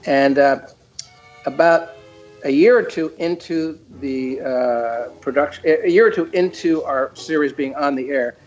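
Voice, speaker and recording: Older man telling anecdotes, halting. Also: fairly high pitch, dull audio, soft background music. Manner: anecdotal, halting with many fillers. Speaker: cartoon creator, guest. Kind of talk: casual podcast chat.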